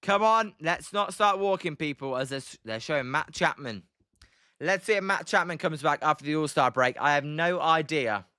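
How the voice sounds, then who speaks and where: On a studio-quality recording with no room sound, a British livestream host calls a baseball game and replies to viewers. His slightly high voice is expressive, pushed and bright, clear and resonant, at a moderate pace. The casual commentary is chatty, full of ums between plays, and he reads chat out loud.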